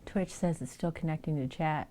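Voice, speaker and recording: A woman's voice: sits low, moderate pace, mellow, a little hiss or hum. A woman live-streaming from home in casual chat. She laughs easily and coaxes her dogs in a raised, playful voice. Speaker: livestreamer.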